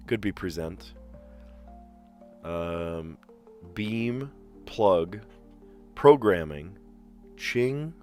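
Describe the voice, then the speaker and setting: A man streaming a puzzle game, chatting casually and thinking aloud with fillers, clearing his throat now and then. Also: fairly low pitch, sing-song, extremely slow, pauses often, faint music behind. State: slight cough, clearing throat. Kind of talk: casual live-stream chat while solving puzzles.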